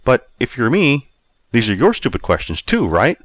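A man's voice: medium pitch, huge pitch swings, moderate pace, fairly bright tone, no echo, clean studio sound, voice pushed up. Man doing a naive, eager young guy. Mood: eager, curious. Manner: curious, wisecracking. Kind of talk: audiobook reading.

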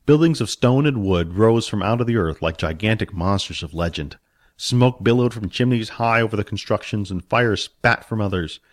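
Casting: male audiobook reader, low-ish voice that moves a lot, dry close recording. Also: dry recording. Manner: expressive storytelling. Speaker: audiobook narrator. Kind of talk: scripted storybook narration.

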